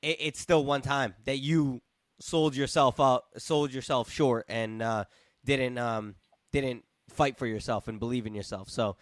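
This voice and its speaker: A man's voice: medium pitch, fairly even intonation, unhurried, dry recording. A man hosts a casual podcast chat in a mid-range voice. He rambles and repeats words, and his voice sounds dry and close. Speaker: podcast host.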